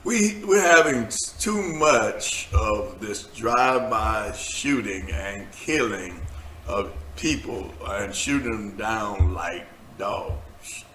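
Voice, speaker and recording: A man's voice: on the low side, lively intonation, slow pace, fairly bright tone, roomy sound, slight background noise. A man hosting a casual talk show as a preacher, bantering with laughter and turning earnest and preachy when he speaks about faith. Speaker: host, preacher. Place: studio set.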